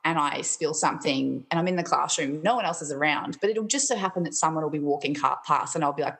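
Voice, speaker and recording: A woman's voice: low-pitched, quick pace, vocal fry, hardly any pauses, a bit bright. A woman, a school art teacher, chatting casually as a podcast guest, giggly and self-mocking. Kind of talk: casual chat.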